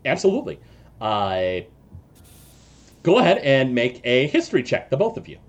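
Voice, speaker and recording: A man narrating a tabletop game as game master, loose and halting with many fillers. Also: medium pitch, wildly swooping pitch, muffled recording.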